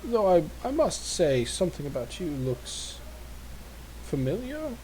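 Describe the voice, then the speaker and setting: A man voicing a gentle old wanderer who speaks slowly and formally, in an old-fashioned way. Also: high-pitched, huge pitch swings, a little hiss or hum, voice pushed up, heavily acted, rough recording. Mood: courteous. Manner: slow, courteous, formal old-fashioned speech.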